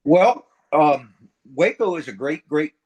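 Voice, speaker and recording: A man's voice: fairly high pitch, animated, takes it slowly, a little mellow, breathy edge. An older man, a retired Marine from middle America, telling war and service stories in a blunt, profane, casual way as an interview guest. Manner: blunt, profane, acts out quoted dialogue.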